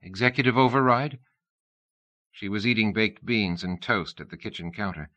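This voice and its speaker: A male audiobook narrator reads with steady, even storytelling. His voice is fairly low but bright and forceful, cutting clearly through each sentence. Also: moderate pace.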